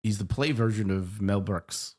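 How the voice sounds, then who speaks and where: A man's voice: lowish voice, fairly even intonation, normal speed. A middle-aged man co-hosting a couples podcast, playful and teasing in casual chat. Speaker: podcast co-host.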